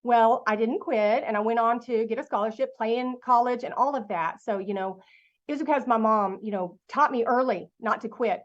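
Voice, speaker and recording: A middle-aged woman giving a motivational talk to an online audience, telling a lively story and asking her listeners questions. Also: a little high, moderate pace, highs cut off. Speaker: guest speaker.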